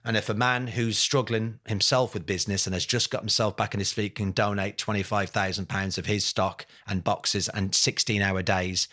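A man's voice: lowish voice, fairly bright tone. Passionate, blunt man telling stories. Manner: passionate, rising to angry emphasis, blunt with swearing; speaks in lists and repeated phrases, says mate often. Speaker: podcast guest. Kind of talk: candid interview storytelling.

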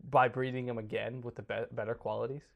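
A man's voice: medium pitch, flat delivery, fast talker, vocal fry, phone-quality sound. Casual male podcast host. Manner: reads notes with stumbles, joking.

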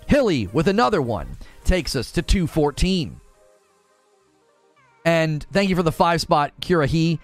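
Man, livestream host, lively swooping pitch, slightly high voice, faint music behind. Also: normal speed, no echo. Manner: animated, acts out his own past thoughts. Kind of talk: casual livestream commentary.

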